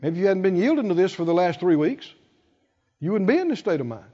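A man preaching a sermon with emphasis, acting out quoted voices and building to loud peaks. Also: high-pitched, sing-song, fast talker. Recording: dull, reverberant hall sound.

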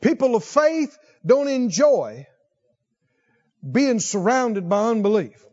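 Heard through dull audio, a man with a sing-song, darkish voice delivers a slow sermon. He reads scripture, asks his congregation questions, and lifts his pitch when driving a point home.

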